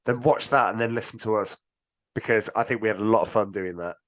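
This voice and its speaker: A man's voice: lowish voice, quick pace, no echo. A British man hosting a podcast, chatting casually and teasing his guest with joking banter. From Britain. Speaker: podcast host.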